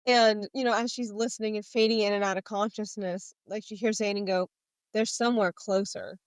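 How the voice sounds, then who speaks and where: A woman chats casually as a podcast co-host, retelling scenes and reading quotes aloud. Her voice sits at a middle pitch. The sound is dry and close, with no room echo. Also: fairly even intonation, fairly quick, clean tone. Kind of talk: casual book discussion.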